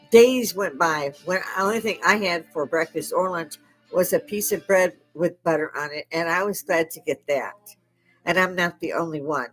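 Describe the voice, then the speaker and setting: A woman's voice: lowish voice, normal speed, faint music behind. An older woman delivering an angry, profane political rant, sarcastic and scornful, with bursts of mocking laughter. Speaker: livestream host.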